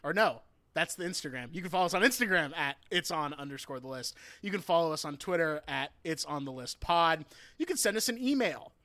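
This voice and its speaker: A man's voice: fairly high pitch, expressive, brisk, bright, forceful tone. A man hosting a casual podcast, joking and laughing as he signs off. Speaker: podcast host.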